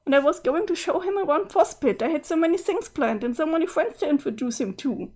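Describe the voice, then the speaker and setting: A woman's voice: sits high, animated, fairly quick, a little mellow. A woman reading a webcomic aloud, voicing a grief-stricken young girl ghost who sobs "boo hoo" and pleads to go back. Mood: mournful.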